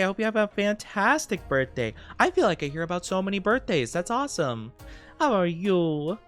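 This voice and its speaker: A man's voice: high voice, big pitch swings, brisk, fairly bright tone, faint music behind. A man chatting casually on a live stream, giggly and fidgety and full of filler words.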